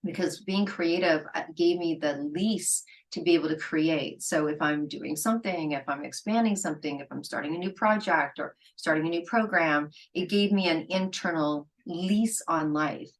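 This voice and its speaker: A woman's voice: deep voice, moderate pace, hardly any pauses, rough recording. A middle-aged woman hosting a solo podcast, talking candidly and conversationally, sometimes acting out what her friends said. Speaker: podcast host.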